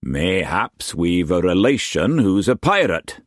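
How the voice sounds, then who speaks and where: A commanding merchant captain gives his orders firmly and in clipped phrases, as a male narrator puts him on. The voice is low and unhurried. It is recorded dry and close. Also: very animated, no room sound, full character voice.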